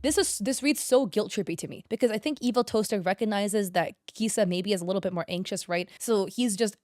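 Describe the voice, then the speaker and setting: A woman's voice: medium pitch, brisk, darkish tone, no room sound, clean studio sound. A young woman hosting casual commentary, reading out messages with sarcastic, exasperated remarks. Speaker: commentary host.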